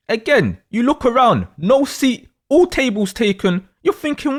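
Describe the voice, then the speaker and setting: A man telling a dramatic second-person story, in an animated way. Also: high voice, moderate pace. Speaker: astrology storyteller.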